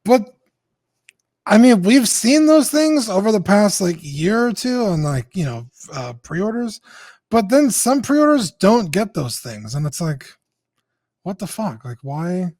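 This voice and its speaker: A man's voice: high voice, big pitch swings, unhurried, darkish tone, no room sound. A man talking as a podcast guest in casual chat, blunt, sighing and swearing casually.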